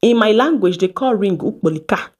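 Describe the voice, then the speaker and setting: A Nigerian woman in her thirties from Edo State, telling stories to camera in a lively vlog, slipping into Pidgin and acting out what people said. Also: medium pitch, brisk. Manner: animated, mixes Pidgin phrases, acts out quoted exchanges. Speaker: vlogger. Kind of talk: casual storytelling to camera.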